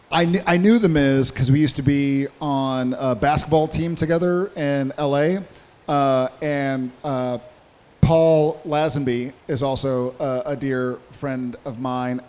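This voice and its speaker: A man on a convention panel telling a rambling, animated story, with restarts and swearing. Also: medium pitch, in a large hall. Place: convention hall stage.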